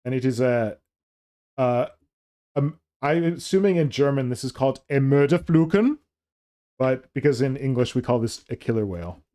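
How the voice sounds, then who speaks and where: A man's voice: medium pitch, moderate pace. A man hosting a hobby stream, chatting casually and joking around with silly voices. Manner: jokey, animated, silly put-on voices. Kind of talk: casual chat.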